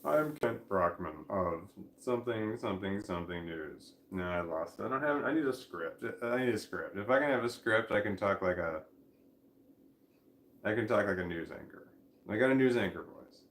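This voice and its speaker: A tired, high man rambling casually in a vlog, talking drowsily with a slight slur while lying down at home. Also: expressive, normal speed, fairly bright tone, echoey room, slight background noise. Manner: drowsy, rambling, laughs to himself. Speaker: vlogger.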